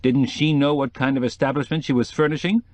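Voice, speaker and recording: A man voicing a stern, gruff male newspaper reporter in an audiobook. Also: medium pitch, steady tone, a little fast, a little mellow, no echo, pitched above the performer's own voice, natural voice.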